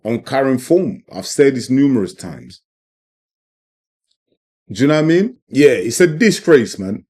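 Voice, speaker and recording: A man's voice: medium pitch, very animated, a little slow, warm tone, breathy edge. A man giving emphatic, opinionated boxing commentary on his channel, often repeating his points and tagging lines with "man" and "you know what I mean". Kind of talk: opinionated sports commentary vlog.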